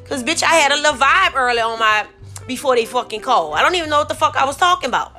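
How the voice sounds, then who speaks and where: A woman's voice: sits high, expressive, quick pace, pushed and bright, soft background music. A woman from New Orleans with a Southern accent, hosting a solo podcast on her phone, ranting irritably with lots of swearing and repeated "like I said.". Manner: profane, irritated, rambling, repeats "like I said". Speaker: podcast host.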